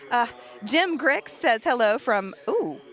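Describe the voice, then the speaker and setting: A woman's voice: a little high, big pitch swings, takes it slowly. A woman from Tennessee, hosting a live radio broadcast in a bubbly, gushing way. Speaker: radio show host.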